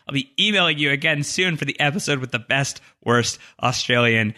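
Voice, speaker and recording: A man's voice: medium pitch, lively intonation, a little fast, few pauses, bright, forceful tone. A man co-hosting a podcast, reading listener mail aloud with jokey, self-deprecating asides. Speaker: podcast co-host.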